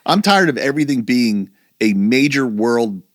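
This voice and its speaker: Middle-aged man, lively chatty podcast host. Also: mid-range voice, moderate pace, no echo, clean studio sound. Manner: chatty, meandering, self-correcting. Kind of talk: casual chat.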